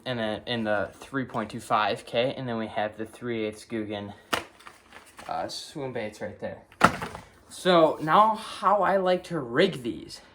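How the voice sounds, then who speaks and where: A man's voice: medium pitch, a bit bright, slight background noise. A young man with a Wisconsin accent, talking casually through his gear in a vlog, filling gaps with lots of ums and okays. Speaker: fishing vlogger. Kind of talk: casual show-and-tell vlog.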